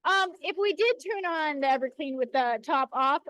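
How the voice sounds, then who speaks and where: High-voiced woman chatting and joking while she films at the rock saw, dry close sound, handheld camera. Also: expressive, moderate pace, fairly bright tone, no echo, rough recording. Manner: chatty, playful, self-correcting. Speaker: lapidary shop co-host filming. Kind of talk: casual chat while demonstrating. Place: indoor workshop by a rock saw.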